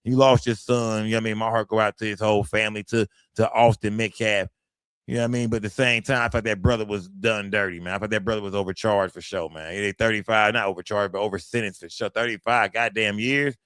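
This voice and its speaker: A man's voice: lowish voice, steady tone, quick pace, a bit bright, clean tone, no echo, clean studio sound. Profane, fired-up man hosting a livestream. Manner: profane, emphatic, talks straight to the chat. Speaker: livestream host. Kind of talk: livestream commentary.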